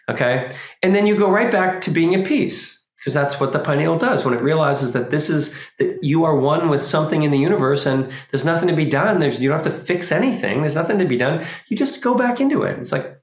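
A man giving an informal spiritual talk, animated and acting out small quoted scenes as he explains. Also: fairly high pitch, fairly quick. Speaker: spiritual teacher. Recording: roomy echo.

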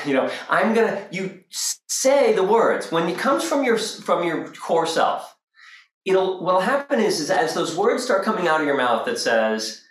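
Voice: medium pitch, very animated, normal speed, echoey room, low-quality recording. A spiritual workshop teacher talking casually to a group, acting out quoted voices and laughing along.

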